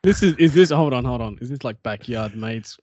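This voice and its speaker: A man's voice: mid-range voice, lively intonation, brisk, darkish tone, dry recording, highs cut off. A man co-hosting a casual podcast, teasing the others and laughing along. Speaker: podcast co-host.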